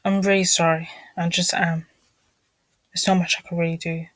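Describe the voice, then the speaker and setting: A woman's voice: on the low side, level tone, moderate pace, dry recording, low-quality recording. A woman vlogging casually, talking through her screen, apologizing often and muttering irritated asides under her breath.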